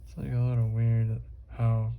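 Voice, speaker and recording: A man's voice: mid-range voice, completely flat delivery, moderate pace, creaky, phone-quality sound, slight background noise. A young man vlogging while he draws, rambling casually with lots of fillers and swearing. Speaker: art vlogger.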